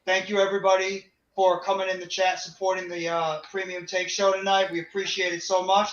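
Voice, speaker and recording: A man co-hosting a sports podcast, promoting his channel in a brisk way. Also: sits high, little pitch movement, a bit bright, reverberant, highs cut off, a little hiss or hum. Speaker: podcast co-host. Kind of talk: casual sports podcast chat.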